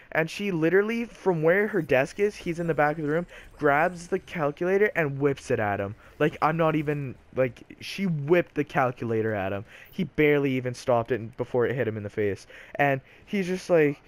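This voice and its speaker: A teenage boy casually telling a storytime vlog in a loose, chatty way full of fillers. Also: a little high. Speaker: vlogger, storyteller.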